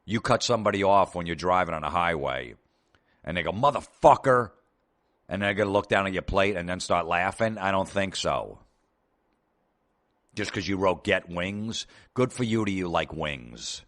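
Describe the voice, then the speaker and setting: A man's voice: low-pitched, moderate pace, a bit bright. A male comedian host delivering a profane, sarcastic, exasperated comedic rant.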